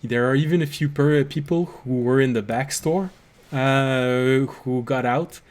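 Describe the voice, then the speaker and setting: A man narrating a tabletop game as game master, unhurried and pausing often. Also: mid-range voice. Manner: unhurried narration with fillers and restarts.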